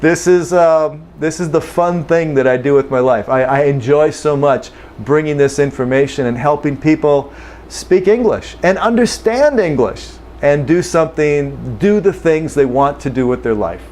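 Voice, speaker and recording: An American man gives an English pronunciation lesson. His voice sits a little high for a man, and he explains step by step, repeating key phrases so learners catch them. Now and then he slips into quick spoken examples. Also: a little mellow, slight background noise. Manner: drops into quick acted dialogue to demonstrate. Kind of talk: language lesson.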